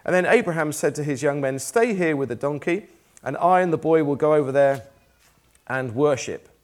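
A man's voice: a little high, lively intonation, moderate pace. A man preaching a sermon in a church, reading scripture aloud in a conversational, lightly self-deprecating way.

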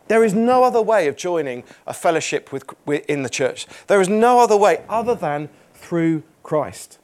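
A man's voice: high voice, sing-song, moderate pace, few pauses, a little mellow. A man preaching a sermon in church, earnest and emphatic, repeating phrases and reading scripture aloud.

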